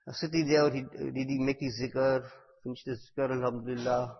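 A man giving a devotional talk, telling stories and repeating phrases for emphasis, at times bursting out loud on key words. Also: mid-range voice, little pitch movement, a little fast, breathy edge. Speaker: religious teacher. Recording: echoey hall, dull lo-fi sound.

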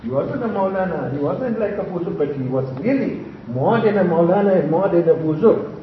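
A man gives a sermon to his congregation and teaches through anecdotes and wry, humorous asides. His voice sits a little high for a man. It comes from far off the mic in a strongly echoing hall, with a dull, lo-fi sound. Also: animated, a little fast, slight background noise. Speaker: Islamic preacher.

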